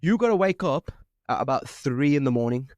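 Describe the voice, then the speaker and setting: A young man hosting a casual podcast, talking in an animated way with lots of swearing and laughter. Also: medium pitch, a little fast, dry recording. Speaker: podcast host.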